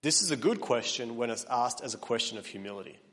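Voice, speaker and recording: A man delivers a sermon in a church hall, his mid-pitched voice carrying a long reverberant tail. He preaches earnestly, pushing up to emphatic peaks before dropping back quiet. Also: expressive, fast talker. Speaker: pastor.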